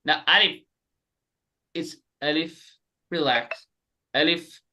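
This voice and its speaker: A man teaching an online group class, animated and repeating letters slowly for his students. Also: fairly high pitch. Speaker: Quran recitation teacher. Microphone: webcam.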